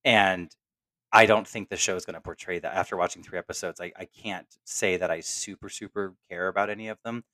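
Man, low voice, rambling casual chat, dry sound. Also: fairly even intonation, brisk, sharp tone, no room sound. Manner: rambling, lots of fillers and restarts. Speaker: podcast co-host.

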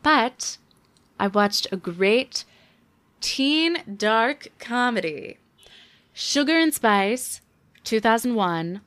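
A woman's voice: a little high, animated, drawn-out words, pauses often, a bit bright. A young woman hosting a solo podcast, chatting casually with a wry, rambling manner and many fillers. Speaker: podcast host.

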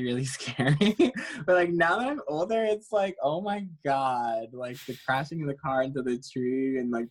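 Giggly, chatty wrestler guest. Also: male voice, medium pitch. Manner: giggly, self-deprecating, chatty. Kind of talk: casual interview over a call.

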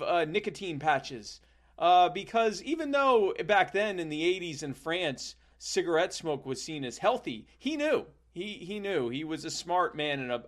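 A young man improvising a rambling comic story, full of halting restarts and playful asides. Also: fairly high pitch, a bit bright.

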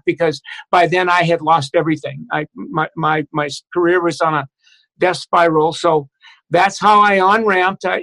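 A man in middle age with a notably high voice, speaking as an interview guest. He tells his story in a halting way, full of restarts and fillers. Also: a bit bright, low-quality recording. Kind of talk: candid personal storytelling.

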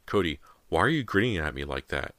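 A man voicing a frightened, desperate teenage girl in an audiobook, lifting his voice high to plead and cry out. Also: sing-song, a little fast, a bit bright, no room sound. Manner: high, cries out shrilly.

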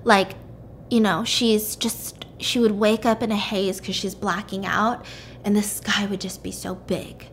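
A woman's voice: mid-range voice, level tone, measured pace, slight background noise. A woman podcast host retelling a story in casual chat, peppering it with "like" and "freaking". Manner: chatty, lots of "like" and "freaking".

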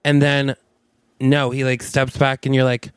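A man co-hosting a comedy podcast, improvising a story with wry, deadpan asides. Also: medium pitch, measured pace, clean tone, dry recording, studio quality. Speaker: podcast co-host.

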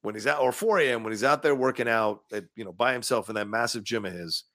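A man's voice: medium pitch, fast talker, fairly bright tone, no echo, studio quality. A man co-hosting a podcast, talking about movies in casual, opinionated chat and laughing often. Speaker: podcast co-host.

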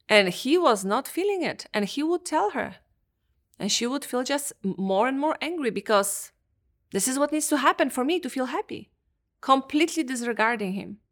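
A woman's voice: fairly high pitch, sharp tone. A woman hosting a podcast, giving an earnest, emphatic motivational talk as a coach and acting out her clients' words.

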